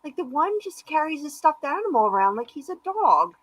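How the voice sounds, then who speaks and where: A woman's voice: high voice, big pitch swings, fairly quick, dull audio. Playful woman co-host bantering. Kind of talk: casual live-show chat.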